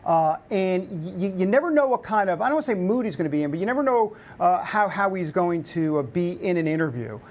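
A man's voice: high voice, sing-song, quick pace, few pauses, darkish tone. Chatty New man hosting a talk show. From New York. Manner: chatty storytelling with many fillers and restarts. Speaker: host. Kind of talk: casual talk show monologue.

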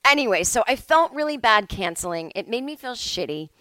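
A woman's voice: on the high side, big pitch swings, brisk, bright, forceful tone, no echo, rough recording. A woman hosting her own podcast from home, talking in a loose, rambling way that often breaks off mid-thought. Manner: rambling, chatty, self-interrupting. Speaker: podcast host. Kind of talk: casual solo podcast monologue.

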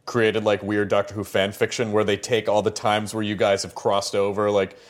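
A man's voice: lowish voice, normal speed. A man hosting a casual interview, joking and reading viewer questions. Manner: joking, animated. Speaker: interview host.

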